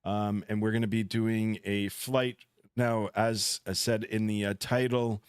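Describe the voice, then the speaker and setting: Relaxed, chatty Canadian man streaming. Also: on the low side, unhurried, clean tone, no room sound, studio quality. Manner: relaxed, chatty, reads out viewer comments. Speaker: flight sim streamer. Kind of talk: casual live-stream chat.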